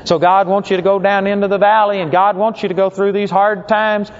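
A man preaching a sermon, telling stories and acting out the people in them. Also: brisk. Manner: animated storytelling, acts out quoted people in higher voices. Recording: dull lo-fi recording.

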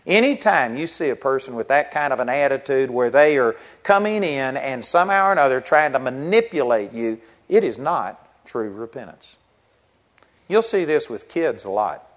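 A man's voice: medium pitch, animated, normal speed. Earnest middle-aged male pastor preaching. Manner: earnest, conversational preaching with rising emphatic stretches. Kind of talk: sermon. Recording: dull lo-fi recording.

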